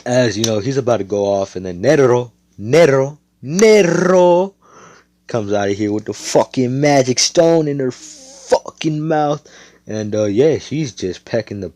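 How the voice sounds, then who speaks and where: A man's voice: mid-range voice, normal speed, mellow, dry recording. A man casually retelling an imagined anime storyline, rambling with slang and lots of swearing. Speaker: fan storyteller.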